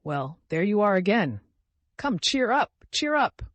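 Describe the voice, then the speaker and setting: A man voicing a proud young woman, speaking high and insistently, with a reproachful edge. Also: very animated, normal speed, dry recording. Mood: insistent, coaxing.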